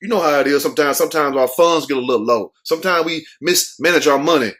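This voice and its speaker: A young man riffs on a news story for his commentary show, rowdy and mocking, with heavy street slang. He breaks into quoted voices as he goes. His voice sits a touch higher than most men's. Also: fast talker, a bit bright.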